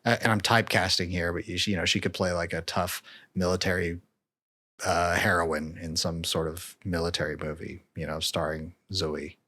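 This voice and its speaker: A man's voice: sits low, flat delivery, moderate pace, sharp tone, no echo. A man co-hosting a film-review podcast, rambling through a casual chat, laughing often and correcting himself. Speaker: podcast co-host.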